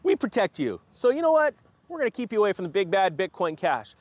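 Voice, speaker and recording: A man's voice: sits high, very animated, a little mellow, no echo, pitched above the performer's own voice. A man putting on a smug, sing-song corporate spokesman. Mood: patronizing. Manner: drawn-out, patronizing sing-song. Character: smug male corporate spokesman, falsely caring.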